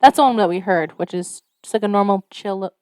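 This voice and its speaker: A woman's voice: medium pitch, fairly quick, darkish tone, clear, resonant tone, no room sound. A young woman from Illinois, co-hosting a podcast in casual, rambling chat, laughing and swearing often. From Illinois, United States. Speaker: podcast co-host.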